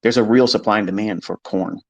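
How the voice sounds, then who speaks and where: A man's voice: on the low side, a little fast, no echo, dull audio. A man giving a blunt, profane, combative monologue about trading, mimicking his critics along the way. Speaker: trading educator. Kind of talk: unscripted monologue lecture.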